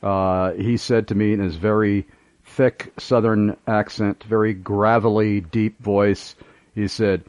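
A man's voice: fairly low pitch, little pitch movement, slow pace, a little mellow, no room sound, highs cut off. A man from New York hosting a radio call-in show, reading listener questions aloud and stumbling over repeated words.

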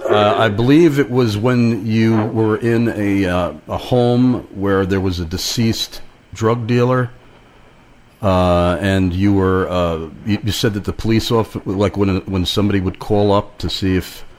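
A man hosting a Christian talk radio interview, speaking in a measured, preaching-style way. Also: on the low side, fairly even intonation, darkish tone, slight background noise. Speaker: radio show host.

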